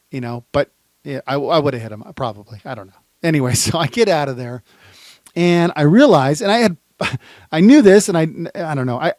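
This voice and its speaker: A man, a private investigator, telling a story in a lively, dramatic way and acting out the shouted lines in a high voice. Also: dry recording, clean studio sound. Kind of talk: animated storytelling, reenacting events. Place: indoors, standing.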